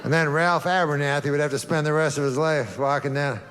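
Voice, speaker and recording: A man telling long stand-up stories in a dry, deadpan way, stalling on uh's and you-knows. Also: fairly high pitch, a little fast, crowd noise. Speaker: stand-up comedian. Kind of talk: deadpan talk-show storytelling.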